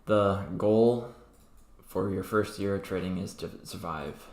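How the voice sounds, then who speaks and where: A man's voice: deep voice, slow pace, a little mellow. A young man hosting a crypto trading livestream, chatting casually and rambling with many fillers and restarts. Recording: echoey room with faint background noise.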